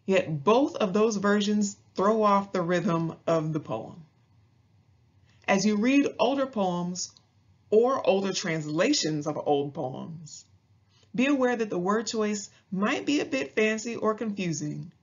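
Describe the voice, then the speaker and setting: A woman teacher speaks slowly and deliberately, setting out each point in a measured, mid-pitched voice. Her narration sounds scripted and calm. The recording is a little dull and muffled. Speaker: English teacher.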